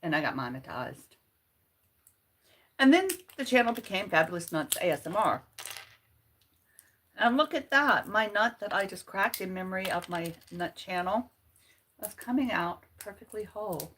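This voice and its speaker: A woman hosts a relaxed livestream in a chatty, playful way and is quick to find her own jokes funny. Her voice sits at an ordinary middle pitch. A faint hiss of noise runs under it. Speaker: channel host. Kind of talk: casual livestream chat.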